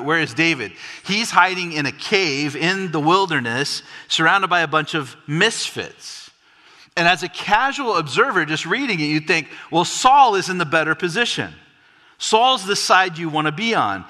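Bright-voiced preacher in a reverberant hall. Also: male voice. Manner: emphatic, dropping low for solemn points. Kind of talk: expository sermon.

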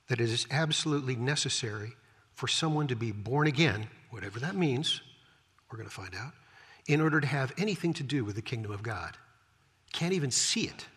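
Husky preacher with wry asides. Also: male voice, mid-range voice, a bit bright. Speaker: preacher, Bible teacher. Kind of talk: conversational Bible-teaching sermon. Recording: long hall reverb.

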